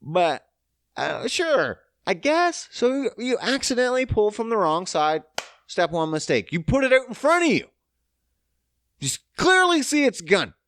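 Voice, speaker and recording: Animated, sarcastic male podcast host. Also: high-pitched, a little slow, no echo. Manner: animated, profane, sarcastic ranting. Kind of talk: casual podcast monologue.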